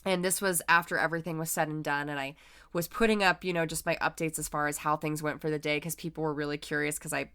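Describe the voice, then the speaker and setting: A woman's voice: sits low, little pitch movement, fast, pushed and bright, smooth. A young woman hosting a podcast, talking to listeners in a casual, earnest and encouraging way, full of "like" and "right?". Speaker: podcast host and personal trainer. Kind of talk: casual motivational talk.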